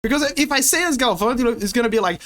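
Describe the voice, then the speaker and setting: A woman's voice: on the high side, expressive, racing, a bit bright. A woman from Brazil, chatting casually and playfully with viewers while streaming a game, often restarting her sentences. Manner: rambling, playful, many restarts.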